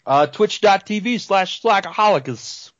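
Male podcast co-host and streamer, lively intonation, dry muffled lo-fi sound. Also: high voice, unhurried, no room sound. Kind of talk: casual podcast chat.

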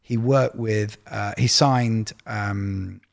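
A man's voice: fairly low pitch, steady tone, drawn-out words, gravelly. A man who is a record label executive, talking casually in a sit-down conversation and telling anecdotes full of quoted dialogue.

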